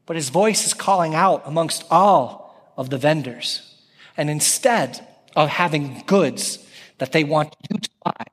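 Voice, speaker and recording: A pastor in his thirties preaches with animated energy, calling out lines of scripture. His voice sits fairly high for a man. It rings through a church hall with long reverb. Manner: animated, calls out scripture loudly. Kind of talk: sermon. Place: church sanctuary.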